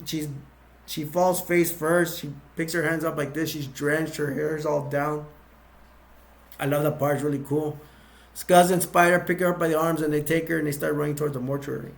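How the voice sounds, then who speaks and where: A man with a raspy, fry-laden voice sitting a bit above the usual male pitch. He retells a film's plot in a casual, meandering way, full of fillers and restarts. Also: fairly even intonation. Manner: rambling, halting, with many restarts and fillers. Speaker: movie reviewer.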